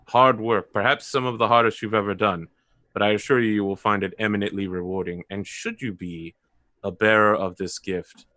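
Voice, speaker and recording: Man as a stately ruler, formal courtly speech, low bright voice, dry close sound, tabletop role-play. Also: no room sound, natural voice. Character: stately noble ruler addressing a subject.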